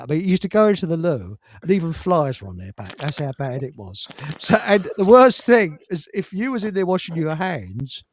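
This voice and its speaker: Hosting a relaxed radio talk show, a man with a fairly high-pitched voice wanders through stories, laughs a lot, and keeps starting his sentences over. There's slight background noise in the clip.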